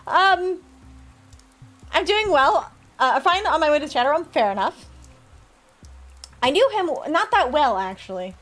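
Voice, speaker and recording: A woman streams a game live, her high voice jumping around animatedly as she chats playfully with her viewers. She reads the game's lines aloud between remarks, with soft music playing underneath. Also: very animated, a little slow, pauses often. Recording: faint music behind.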